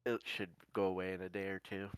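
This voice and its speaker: A man voicing a weary, battle-scarred male paladin in a tabletop game, speaking quietly and tersely. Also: low voice, little pitch movement, brisk, clean tone, no echo, close to an everyday voice. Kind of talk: tabletop role-play.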